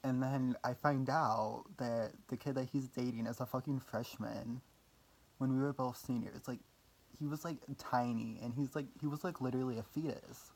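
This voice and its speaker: A young man with a gravelly, fry-edged voice tells a personal story to camera in a loose, rambling vlog. He fills his talk with "like" and casual swearing and keeps cutting himself down. His pitch sits in an ordinary middle range for a man. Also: fairly even intonation, moderate pace. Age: young adult. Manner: rambling, filler-heavy, self-deprecating, swears casually. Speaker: vlogger.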